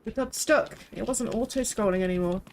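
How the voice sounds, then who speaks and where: A woman's voice: a little high, fairly quick, a little mellow, slight background noise, poor audio. A young woman, chatting casually and rambling while live-streaming a game, swearing freely.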